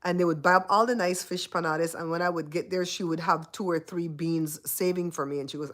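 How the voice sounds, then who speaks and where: A woman's voice: fairly low pitch, fairly even intonation, fairly quick, few pauses, a bit bright. A Belizean woman hosting a casual livestream chat, laughing often and teasing her viewers. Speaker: host.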